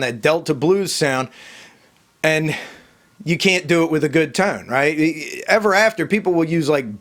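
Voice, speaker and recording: A man's voice: a little high, a bit bright. A man ranting casually to camera, emphatic and rambling, often repeating himself. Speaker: vlogger. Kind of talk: casual opinion rant to camera.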